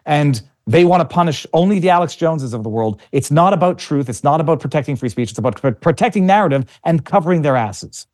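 A man's voice: fairly high pitch, lively intonation, fast talker, few pauses, darkish tone. A man speaking as an interview guest, arguing passionately and combatively, often repeating words as he gathers his thoughts. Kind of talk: conversational interview.

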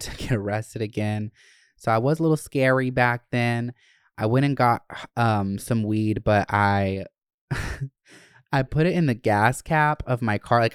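Young man, casual storyteller, profane and animated, smooth voice, dry close sound. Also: lowish voice, no room sound.

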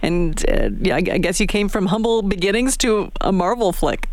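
Woman, from Canada, radio morning host, dry close sound, mid pitch, chatty and upbeat. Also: moderate pace, no room sound. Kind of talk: radio interview.

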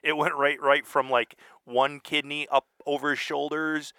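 A man's voice: on the high side, flat delivery, normal speed, sharp tone, clear, resonant tone, no room sound, clean studio sound. A man co-hosting a podcast, joking around and playing confused in a rambling way. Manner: jokey, rambling, mock-confused. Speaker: podcast co-host. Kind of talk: casual chat.

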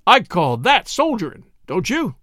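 A man's voice: high-pitched, huge pitch swings, unhurried, bright, forceful tone, dry recording, exaggerated voice. Man doing a folksy old cobbler. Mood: teasing. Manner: drawling rustic dialect, dry teasing. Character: wry old country cobbler, folksy and teasing.

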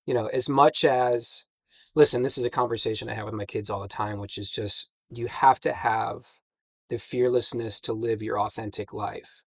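A man's voice: medium pitch, steady tone, moderate pace, gravelly, husky, no echo. A man in his forties, speaking as a podcast guest in a candid, reflective way with many fillers. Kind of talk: candid conversation.

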